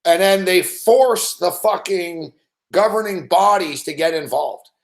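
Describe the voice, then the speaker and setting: A man hosts a late-night sports betting show and tells his stories in a loose, rambling rant. He swears constantly and keeps things animated. His slightly higher-than-usual voice echoes around a hard room. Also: a little slow. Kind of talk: late-night ranting storytelling.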